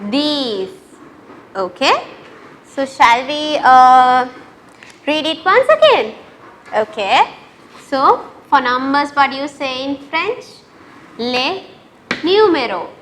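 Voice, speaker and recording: Slow, lively-voiced woman teacher. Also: high voice, a little hiss or hum. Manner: slow, drawn-out, repeats each word. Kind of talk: classroom lesson.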